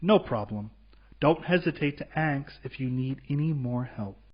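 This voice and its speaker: A man's voice: mid-range voice, animated, normal speed, lightly acted. A man playing a friendly college student who offers help to a classmate, reading a scripted textbook dialog. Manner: upbeat, eager to help. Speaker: dialog actor. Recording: muffled lo-fi studio recording.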